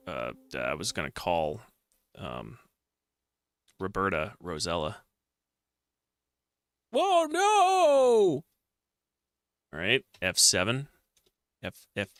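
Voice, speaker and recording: A man's voice: low voice, bright, forceful tone, dry recording. A man streaming a retro adventure game, reading its text aloud and mocking himself with jokey outbursts.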